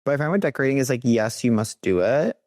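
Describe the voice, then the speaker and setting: A young man co-hosting a podcast, chatting casually with deadpan humor and mock-grand declarations. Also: medium pitch, quick pace, dry recording, studio quality. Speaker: podcast co-host. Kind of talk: casual chat.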